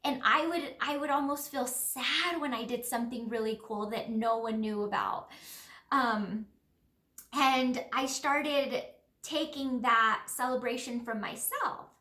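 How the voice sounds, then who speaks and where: Woman, high voice, earnest rambling reflection, roomy echoey sound. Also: unhurried, sharp tone. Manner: rambling, earnest, many fillers. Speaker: spiritual healer. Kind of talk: casual reflective monologue. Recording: roomy echo.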